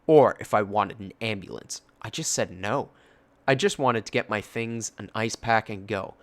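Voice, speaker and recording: A man's voice: lowish voice, a bit bright. A man casually narrating a story, swearing freely and breaking off for personal asides. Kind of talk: reading a story.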